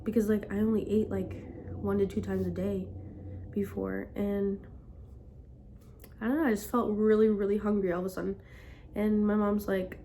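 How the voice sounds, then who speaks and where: A woman's voice: on the high side, fairly even intonation, fairly quick, dark tone, a little hiss or hum. A young woman telling a personal story in a casual vlog, rambling with constant "like" fillers. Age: young adult. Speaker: vlogger.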